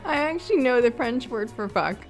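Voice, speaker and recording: A woman's voice: a little high, animated, a little fast, soft background music. A woman co-hosting a horror podcast, giggling and getting flustered while she is teased in casual banter. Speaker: podcast co-host.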